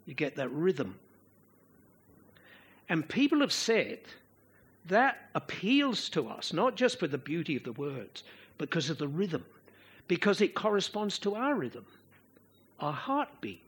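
A man preaching a sermon to a congregation, slow and expressive, sometimes chanting out the rhythms of verse. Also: high-pitched, husky.

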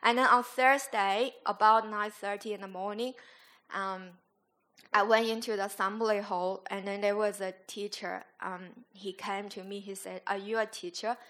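A woman school chaplain giving an earnest, halting church testimony, sometimes searching for her words. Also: mid-range voice, fairly even intonation, fairly bright tone.

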